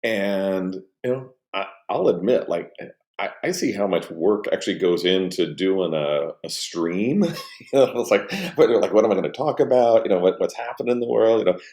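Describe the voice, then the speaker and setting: A man's voice: low-pitched, lively intonation, moderate pace, a little mellow, roomy sound. A middle-aged man and company co-founder chatting casually on a live stream from home, rambling with many restarts and fillers and reading out viewer comments.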